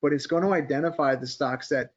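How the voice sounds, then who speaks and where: A man's voice: a little high, brisk, dull audio. A man hosting a casual stock-market chat who thinks aloud and keeps asking his co-hosts for input. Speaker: host of a markets podcast. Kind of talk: casual group chat about stock charts.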